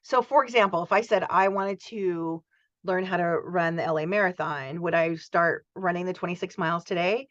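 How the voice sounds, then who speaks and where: A woman's voice: fairly low pitch, normal speed, fairly bright tone, no room sound, highs cut off. A woman in her forties from the United States gives a chatty, enthusiastic college lecture and acts out student voices. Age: 40s. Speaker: college instructor. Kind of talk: recorded lecture.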